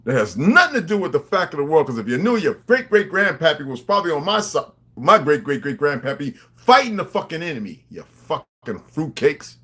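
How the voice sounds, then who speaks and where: A man's voice: a little high, very animated, a little fast, few pauses, bright, forceful tone. A man delivering a profane, confrontational monologue, lecturing his viewers.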